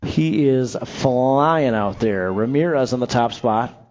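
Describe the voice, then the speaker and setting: A man's voice: medium pitch, expressive, darkish tone, muffled recording. A man announcing live BMX races over a track PA, rattling off rider names and placings with joking asides. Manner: upbeat, joking asides between rapid race calls. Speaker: race announcer. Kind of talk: live BMX race commentary.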